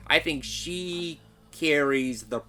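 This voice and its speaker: A man co-hosting a casual film chat, halting and filling his talk with "like". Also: a little high, bright, forceful tone, soft background music.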